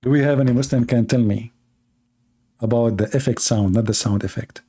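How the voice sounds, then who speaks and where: This man, an Arabic-speaking debate streamer, delivers mocking live-stream commentary full of sarcasm, jokes and drawn-out mock voices. He has a medium-pitched voice that is mellow and husky.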